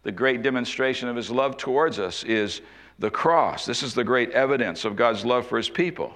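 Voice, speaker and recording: A man preaching an expository sermon, slowing down and dropping his voice low to stress key points. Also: animated, a bit bright. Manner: expository preaching, slows and drops low for emphasis. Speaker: pastor.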